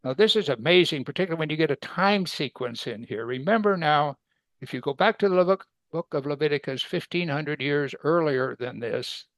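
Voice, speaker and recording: Man, sermon, Bible teacher, rhetorical questions, fairly high pitch, dry close sound. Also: brisk, dry recording. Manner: acts out quoted speakers with sudden loud excited bursts.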